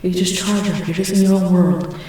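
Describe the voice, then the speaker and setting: A woman's voice: on the low side, steady tone, fairly quick, warm tone, far from the mic, natural voice. A woman doing a spacey 1960s hippie guy. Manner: rambling, drawling, spacey. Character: laid-back groovy 1960s hippie man. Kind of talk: ASMR role-play. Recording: echoey room, off mic.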